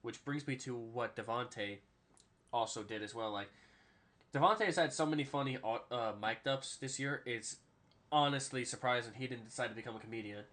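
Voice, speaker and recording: Young male podcast co-host, lively sports chatter, quick to laugh and mimic players. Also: medium pitch. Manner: animated, laughs often, does player impressions. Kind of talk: casual sports chat.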